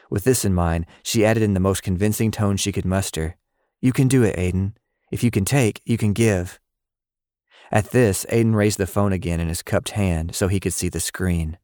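A man reading a story aloud in scripted narration, with a steady, measured delivery. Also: deep voice, no echo, clean studio sound.

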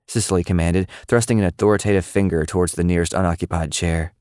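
A man narrating a story in a steady, even storytelling manner. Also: deep voice, quick pace, clear, resonant tone, no room sound, clean studio sound. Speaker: audiobook narrator. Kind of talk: scripted narration.

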